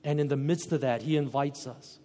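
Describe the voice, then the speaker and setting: A man preaching a sermon as pastor, emphatic, rising to loud peaks and dropping to soft, low phrases. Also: fairly even intonation, fairly quick, in a large hall.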